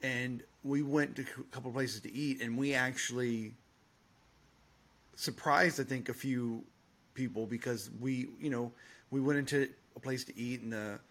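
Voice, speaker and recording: Husky-voiced easygoing man. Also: medium pitch, steady tone, a little slow, a bit bright. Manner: easygoing, agreeable. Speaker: podcast co-host. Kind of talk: casual chat.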